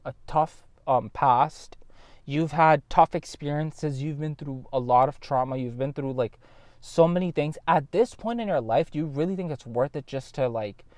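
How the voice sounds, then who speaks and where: Casting: frank, profane man, slightly high voice, rambling straight-talk vlog. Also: no echo. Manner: blunt, profane, rambling, addresses viewers directly. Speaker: vlogger. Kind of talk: casual vlog monologue.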